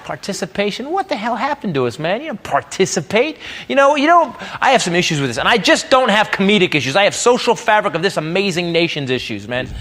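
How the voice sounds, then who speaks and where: A man's voice: high voice, big pitch swings, fast talker, hardly any pauses. A man doing a stand-up comedy routine on stage, ranting in an exasperated, mock-patriotic way. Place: comedy club stage before a live audience. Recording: live show with loud audience laughter.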